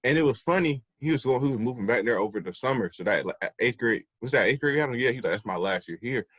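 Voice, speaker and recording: A young man co-hosting a podcast, telling animated stories about school and acting out his old teachers. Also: mid-range voice, fast, breathy edge, dry recording. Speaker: podcast co-host. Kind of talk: casual chat.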